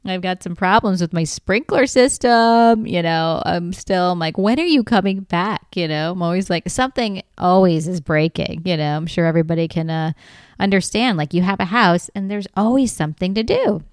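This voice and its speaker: Smooth-voiced woman telling a comic story. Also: lowish voice, normal speed, no room sound, clean studio sound. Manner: animated, laughs often, swears freely. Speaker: comedy podcast host. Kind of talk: storytelling comedy monologue.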